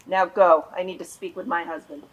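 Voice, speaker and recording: An actress in a stage play playing a cold, scheming, power-hungry mother who speaks in a slow, commanding, controlled way. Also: fairly low pitch, steady tone, slight background noise, close to an everyday voice, low-quality recording. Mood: bitter, menacing. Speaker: stage actor.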